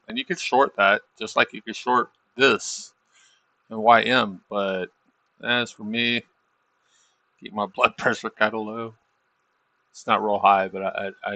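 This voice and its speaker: A middle-aged man livestreams his trading, chatting casually in a rambling, self-deprecating way. His voice sits on the low side with a sharp tone, and the recording is dry.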